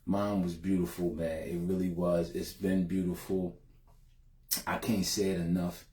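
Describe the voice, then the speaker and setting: A man's voice: low voice, level tone, unhurried, dark tone. A middle-aged man hosting a live talk stream, speaking in a folksy, heartfelt way, adding "man" to his sentences. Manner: folksy, says "man" often, emotional. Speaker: host of a live show. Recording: echoey room.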